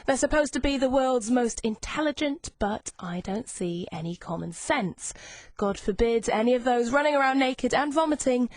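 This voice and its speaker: A woman's voice: a little high, expressive, moderate pace, dry recording. A young woman presenting a lunchtime radio chat show from a studio, bubbly and chatty as she reads out listener messages. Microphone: studio microphone.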